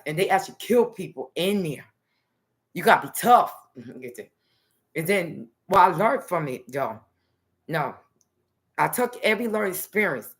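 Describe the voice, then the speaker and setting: A woman's voice: low voice, a bit bright. A woman from New Jersey talking in a loose, rambling personal monologue to the camera, dotting her talk with "okay" and "nice". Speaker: vlogger.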